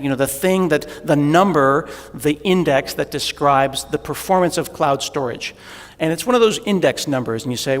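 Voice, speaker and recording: Guy cracking self-deprecating jokes on a conference stage, slightly high voice, big echoey hall. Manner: joking, self-deprecating storyteller. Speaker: conference speaker. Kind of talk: humorous tech conference talk. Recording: echoey hall with long reverb.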